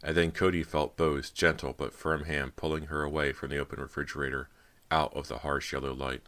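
Guy with a really deep voice reading a spooky teen horror book, steady pace. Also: a little fast. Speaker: audiobook narrator. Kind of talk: scripted horror narration.

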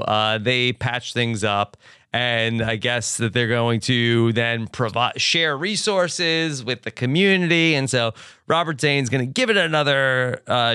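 A man co-hosting a podcast, chatting casually with quick asides and quoted movie lines. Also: medium pitch, pushed and bright, clean tone, no room sound, studio quality. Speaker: podcast co-host. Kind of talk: casual recap chat.

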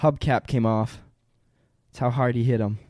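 A man's voice: medium pitch, fairly even intonation, moderate pace, darkish tone, no room sound, studio quality. A young man co-hosting a podcast, joking and laughing in casual, profane banter. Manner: jokey, laughs often, swears. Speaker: podcast co-host.

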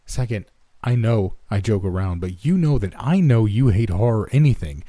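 A man's voice: lowish voice, expressive, normal speed, mellow, no echo. A man voicing an easygoing male office prankster who explains himself in a level way. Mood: defensive.

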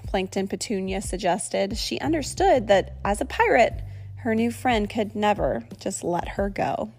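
Animated woman reading a children's story. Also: mid-range voice, measured pace, gravelly, husky, soft background music. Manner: animated, expressive. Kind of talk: children's story read aloud.

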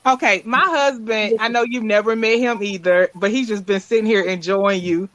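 A woman joining a livestream as a guest, polite and gentle, asking permission before passing the mic to her husband. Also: medium pitch, steady tone, moderate pace. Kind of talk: casual livestream chat.

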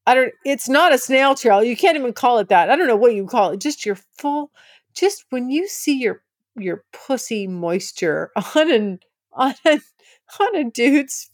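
A woman's voice: on the high side, dry recording, clean studio sound. A woman hosting a podcast, frankly telling a personal story, gushing and laughing often. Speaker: podcast host.

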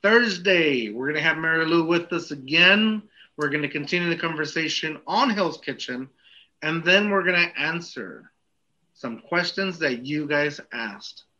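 A man hosting a podcast in casual chat, rambling and halting, often laughing. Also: a little high, lively intonation, sharp tone, highs cut off. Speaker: podcast host.

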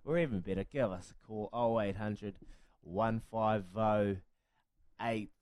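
A man's voice: fairly low pitch, fairly even intonation, unhurried, a little mellow, slight background noise. A man hosting a radio show, chatting casually and friendly with his co-host. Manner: friendly, calls co-host uncle and mate.

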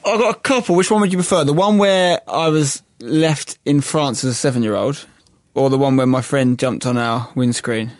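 A man from England, a podcast guest telling a story in casual chat, animated and laughing as he goes. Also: medium pitch, normal speed, no echo, clean studio sound.

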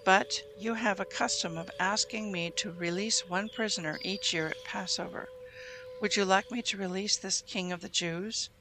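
A reader voicing a stern Roman governor who asks brisk, challenging questions, read in a near-everyday voice. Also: mid-range voice, steady tone, background noise, close to an everyday voice. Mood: questioning.

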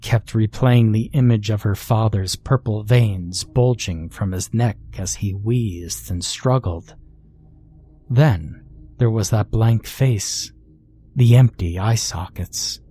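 A man reading a horror story aloud as scripted narration, measured and deliberate. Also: lowish voice, mellow, slightly rough.

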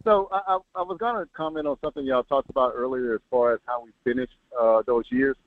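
A man calling in to a live sports stream, chatting in a quick, relaxed way. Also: medium pitch, no room sound. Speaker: caller. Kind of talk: casual call-in chat. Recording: phone-like call audio.

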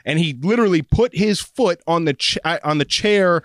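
A man co-hosting a podcast in casual chat, relaxed and laughing easily as he tells his own story. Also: a little high, normal speed, no room sound, clean studio sound. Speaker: podcast co-host.

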